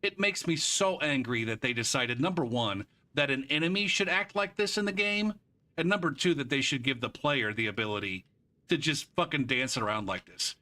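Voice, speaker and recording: A man's voice: mid-range voice, lively intonation, moderate pace, bright, forceful tone. A man streaming a game live, ranting about it in a frustrated, profane way and drifting into rambling asides. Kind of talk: live gameplay commentary.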